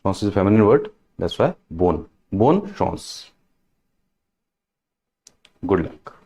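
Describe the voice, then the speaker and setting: A male language teacher with a fairly low voice that still swings widely in pitch as he stresses each word. He moves slowly and patiently, repeating every greeting before explaining it. His delivery is that of a teacher drilling new vocabulary. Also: very animated, a little mellow. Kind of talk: French lesson, repeating words.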